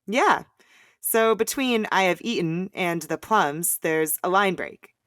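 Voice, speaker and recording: A woman hosting a poetry lesson, explaining clearly and chanting the rhythm of verse in an upbeat way. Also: on the low side, animated, slow pace, a bit bright, no echo, studio quality. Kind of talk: scripted educational explanation.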